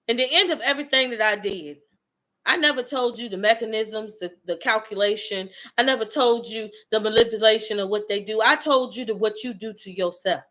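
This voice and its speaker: Woman going off in a motivational rant, cussing, calling y'all out, kinda high sharp voice. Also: fairly quick. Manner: blunt, profane, preachy, calls out the listener directly. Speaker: motivational speaker. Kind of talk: fiery motivational monologue to viewers.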